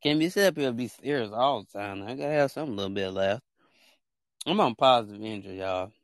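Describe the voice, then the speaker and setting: A man's voice: mid-range voice, a little fast, dry recording, clean studio sound. A man hosting a casual chat show, joking and trash-talking in slangy speech straight to his viewers. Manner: animated and joking, with playful trash talk. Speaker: show host.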